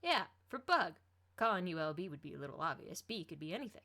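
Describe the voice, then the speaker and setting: A woman voicing an excitable teenage boy, an eager and loyal friend who talks loud, high and bouncy. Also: fast talker, exaggerated voice. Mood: excited.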